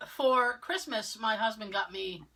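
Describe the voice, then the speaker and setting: A woman from Massachusetts, near Cape Cod, co-hosts a podcast in casual chat as an animated storyteller, acting out what other people said. Her voice is mid-range and a little slow, with slight background noise.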